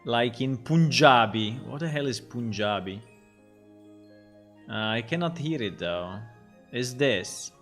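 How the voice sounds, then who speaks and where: Guy streaming game dev, slow and rambly, pitch jumps all over. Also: animated, fairly bright tone, faint music behind. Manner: rambling, amused, thinks aloud. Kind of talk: live development stream chat.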